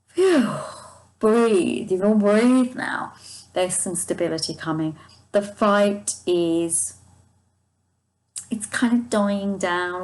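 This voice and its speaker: A woman's voice: on the low side, vocal fry, a little mellow, low-quality recording. A woman giving a casual tarot reading to her viewers, soothing and reassuring, often stopping and restarting her sentences. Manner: soothing, speaks of angels guiding her. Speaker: tarot card reader.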